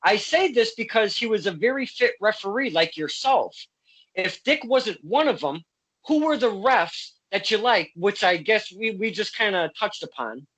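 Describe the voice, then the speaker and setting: An enthusiastic man hosting a casual interview, quick to praise his guest and read out viewer questions. His voice sits high and has a husky, breathy edge. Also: lively intonation, fairly bright tone. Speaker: interview host.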